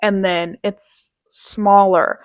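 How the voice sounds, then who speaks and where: Young woman, fashion vlogger; slow, gushy, dramatic delivery, dry close sound. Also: mid-range voice, flat delivery, no echo. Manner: gushing, dramatic, slangy. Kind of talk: casual product showcase.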